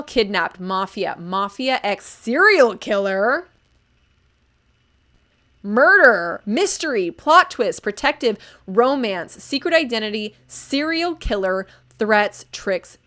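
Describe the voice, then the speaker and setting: A young woman chatting on a live stream, full of gushing enthusiasm and filler words. Her pitch sits in an ordinary middle range. She reads bits aloud and then breaks into eager, rambling reactions. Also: big pitch swings, takes it slowly, a bit bright. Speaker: livestream book reviewer. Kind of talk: casual live-stream commentary.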